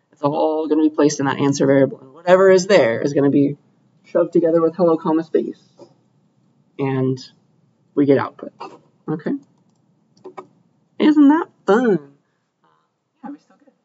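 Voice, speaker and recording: A young man lecturing in a room, upbeat and often pausing to check the class is following. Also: on the high side, a little mellow, lo-fi sound. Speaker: computer science lecturer.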